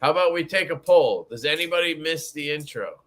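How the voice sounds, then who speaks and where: Young guy on a live stream, kinda high voice, bouncy, cussing and shouting out chat. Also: animated, a little fast. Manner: profane, joking, greets chat viewers. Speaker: livestream host. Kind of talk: casual livestream chat.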